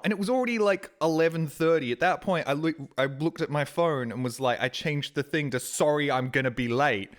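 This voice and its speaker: A man streaming a game, telling rambling everyday stories and acting out his own exasperated reactions in a sudden higher voice. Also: brisk. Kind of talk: casual stream chat, storytelling.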